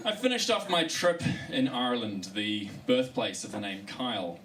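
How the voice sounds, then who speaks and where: Animated man doing stand-up storytelling. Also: medium pitch, normal speed, over a noisy crowd. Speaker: stand-up comedian. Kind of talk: stand-up comedy set. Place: live comedy show. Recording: distant mic with live room noise.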